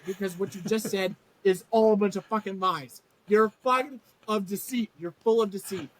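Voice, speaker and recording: A woman's voice: medium pitch, normal speed, hardly any pauses, background noise. A woman co-hosting a casual show recap, ranting heatedly, swearing a lot and laughing often. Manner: acts out characters' lines in a mocking tone. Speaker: podcast co-host.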